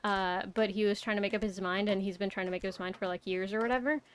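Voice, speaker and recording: A woman's voice: mid-range voice, steady tone, quick pace, slight background noise. A young woman streaming a game, chatting casually, rambling and swearing with lots of fillers. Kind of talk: casual live-stream chat.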